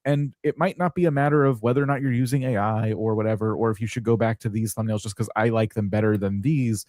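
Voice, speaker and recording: A man's voice: lowish voice, steady tone, fast, a little mellow, dry recording, clean studio sound. A man co-hosting a live stream channel review, talking things through in a thoughtful, analytical way.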